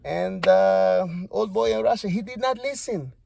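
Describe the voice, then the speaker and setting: A man's voice: high voice, a little slow, gravelly, mellow, voice pushed up, heavily acted. A man putting on an exasperated, pleading leader. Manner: raised, insistent, rhetorical questioning. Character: exasperated foreign male leader pleading his case.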